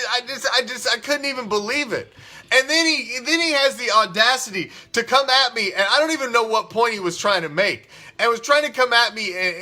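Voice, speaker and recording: A man hosting a fan show, ranting in a heated, profane, rambling way. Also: extremely high pitch. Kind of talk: casual ranting commentary.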